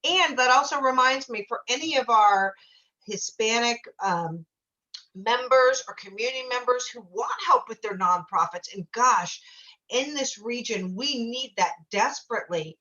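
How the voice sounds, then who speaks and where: A woman's voice: a little high, moderate pace, bright, forceful tone. A woman hosting an interview show, gushing and effusive, often restarting her sentences. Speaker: talk show host. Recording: dull, lo-fi audio.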